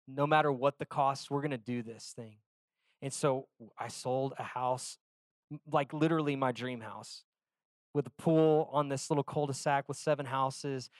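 A man preaching a sermon, telling a personal story in a conversational way, dropping to quiet asides and reading scripture slowly. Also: mid-range voice, dry recording, clean studio sound. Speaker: pastor.

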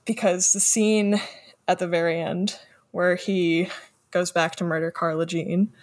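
Woman, lowish pitch, casual film chat, tentative, self-deprecating. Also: steady tone, a little slow.

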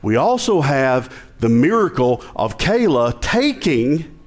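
Southern man preaching, fairly high voice. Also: sing-song, moderate pace. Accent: Southern American. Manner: conversational preaching with jokes and rising emphatic passages. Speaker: pastor. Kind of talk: sermon.

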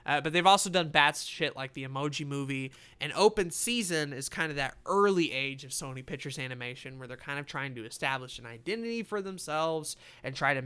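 A young man casually reviewing animated films, excitable and swearing freely. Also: on the high side, clear, resonant tone. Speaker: film reviewer.

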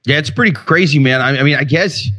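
A man's voice: fairly high pitch, quick pace, bright, forceful tone. A man co-hosting a podcast, joking bluntly and swearing freely in casual chat. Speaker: podcast co-host.

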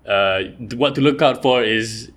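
A man's voice: medium pitch, a little slow. Laid-back man on a podcast. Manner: relaxed, rambling, frequent fillers and laughs. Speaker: podcast co-host. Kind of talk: casual chat about rap music.

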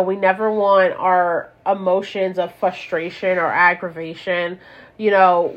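Candid woman on a dull-sounding podcast. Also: lowish voice. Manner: candid, rambling, many "like" and "you know" fillers. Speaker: podcast host and parent. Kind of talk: casual solo podcast talk.

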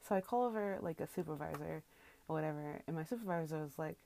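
A woman's voice: low-pitched, fast, gravelly, dark tone. A woman who works as a grocery cashier, ranting casually about customers from inside a closet, exasperated and incredulous and swearing freely.

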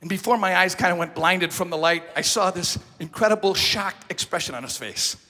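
A male pastor telling a story from the pulpit in an animated, self-mocking manner, with a breathy voice in a large hall. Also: sits high, brisk. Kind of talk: sermon storytelling.

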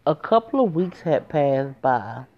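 A woman's voice: sits low, sing-song, measured pace. A woman telling a personal story to her viewers in a casual, emotional way, talking straight to them. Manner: emotional, conversational, addresses viewers directly. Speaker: storyteller vlogger. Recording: dull lo-fi recording.

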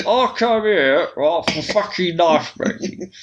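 A man's voice: high voice, expressive, slow, highs cut off. A man, a knife maker in crude, joking casual chat. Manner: swears a lot, laughs and mimics others.

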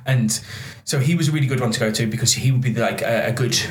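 Guest: man, rapid rambling chat, echoey room. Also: mid-range voice. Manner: quick, rambling, repeats words. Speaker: guest performer. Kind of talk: casual interview chat. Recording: roomy echo.

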